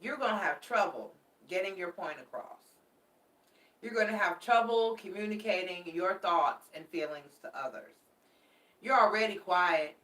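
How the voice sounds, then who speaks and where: A woman's voice: fairly low pitch, normal speed, fairly bright tone, distant mic. Affectionate woman tarot reader, echoey room. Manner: chatty and affectionate, calls viewers babies; emphatic, repeats warnings. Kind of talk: casual tarot reading to camera. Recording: echoey room, mic set back.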